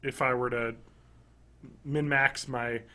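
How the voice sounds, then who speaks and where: A man in his thirties co-hosting a podcast, chatting casually and enthusiastically, rambling and swinging between loud bursts and quiet mumbles. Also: medium pitch, steady tone, slow pace. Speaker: podcast co-host. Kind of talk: casual chat.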